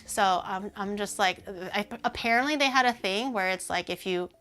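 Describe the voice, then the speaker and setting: A woman streaming and chatting casually with her audience, rambling with lots of "like" and sounding animated and indignant. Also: medium pitch, normal speed.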